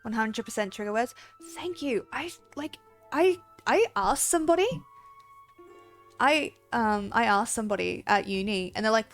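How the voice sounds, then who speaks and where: A woman's voice: a little high, expressive, moderate pace, a bit bright, faint music behind. A young woman streaming a game, chatting casually and rambling with frequent giggles. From Australia. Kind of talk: casual livestream chat.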